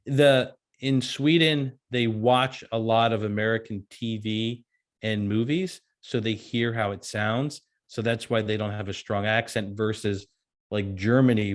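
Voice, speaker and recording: An author who also keeps bees is a guest in a casual interview. He has a lowish voice, comes across as easygoing, tells anecdotes, and laughs often.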